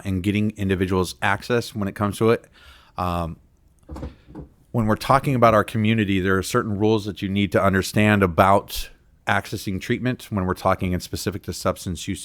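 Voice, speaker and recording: A man with a fairly low voice speaks on a community health panel. He explains things earnestly, pausing on "uh" and "um". The sound is dry and close. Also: no echo. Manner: earnest, explanatory, with frequent fillers. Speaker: treatment provider on a panel. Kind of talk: panel discussion talk. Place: community town hall.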